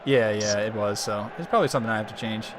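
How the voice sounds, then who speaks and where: A man doing live play-by-play commentary on a video game football match, getting excited and shouting on close chances. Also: fairly low pitch, fast talker, noisy background. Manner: excitable, rises to shouting on near goals.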